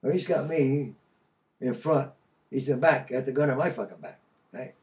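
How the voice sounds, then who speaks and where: An older man from Connecticut telling a story casually, profane and animated, laughing mid-sentence. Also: mid-range voice, moderate pace, distant mic. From Connecticut, USA. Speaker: podcast guest.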